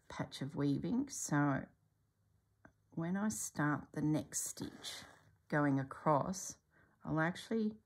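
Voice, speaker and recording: Middle-aged woman, embroidery tutor; slow, gravelly, quietly musing delivery with frequent soft whispers. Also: low-pitched. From Australia. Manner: calm, musing, often slipping into a soft whisper. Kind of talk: stitch-along craft tutorial.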